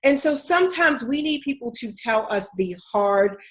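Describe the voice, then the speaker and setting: A woman's voice: fairly high pitch, expressive, normal speed, a bit bright. Baltimore lady career coach on a livestream, chatty and candid, talks right to y'all. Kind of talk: live-streamed casual talk to viewers.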